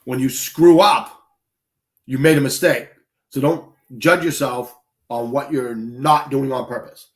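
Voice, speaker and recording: A man's voice: medium pitch, fairly even intonation, measured pace. A man hosting a casual livestream as a shooting instructor, blunt and swearing freely as he tells stories. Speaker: shooting instructor and stream host.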